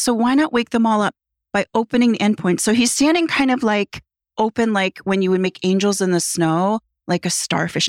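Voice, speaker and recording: A woman therapist guides a listener through stretches with playful, coaching energy. Her voice sits in an ordinary middle pitch. It sounds dry and close, with no room around it. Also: no room sound. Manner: playful, coaching, lively instructions. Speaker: psychotherapist guest. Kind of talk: guided body exercise in conversation.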